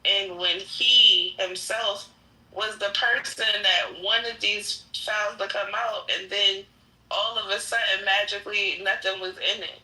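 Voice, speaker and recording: Woman co-host, rambling casual talker, bright edge, roomy echo. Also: medium pitch, steady tone, unhurried, distant mic. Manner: rambling, many fillers and restarts. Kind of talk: casual opinionated chat. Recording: echoey room.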